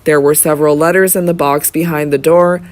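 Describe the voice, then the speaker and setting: In a mid-range voice, the narrator of this audiobook tells a classic novel's story at an even, measured pace.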